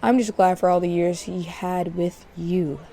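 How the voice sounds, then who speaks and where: A woman voicing a kind, grieving mother of a fallen soldier, gently consoling a young woman. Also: fairly low pitch, steady tone, measured pace, gravelly. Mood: tender, sad.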